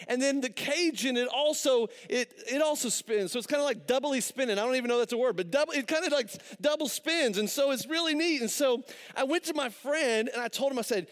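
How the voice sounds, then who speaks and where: Man, pastor, very high voice, chatty storytelling sermon, rhetorical questions, long hall reverb. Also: a little fast, fairly bright tone, clear, resonant tone.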